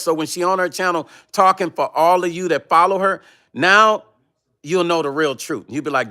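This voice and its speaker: A man's voice: on the high side, moderate pace, sharp tone. A man hosting his own livestream, ranting confrontationally and profanely at a rival, reading chat comments aloud. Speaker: vlog host reading live chat. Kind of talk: heated livestream rant.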